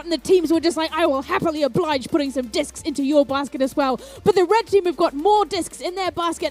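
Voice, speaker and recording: Bubbly high-voiced New woman commentating. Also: a little mellow. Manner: bubbly, chatty, playful asides. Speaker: event commentator. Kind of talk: live robotics match commentary.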